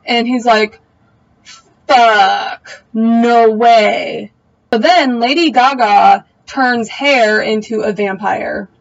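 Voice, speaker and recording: A woman's voice: a little high, slow, few pauses, highs cut off. A young woman giving a casual, opinionated recap of a TV episode, full of slangy asides. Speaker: TV recap vlogger.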